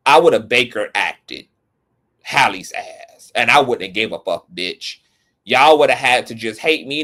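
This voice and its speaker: Male vlogger with a mid-pitched voice, blunt and profane, commenting on gossip. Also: a bit bright. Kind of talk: casual commentary.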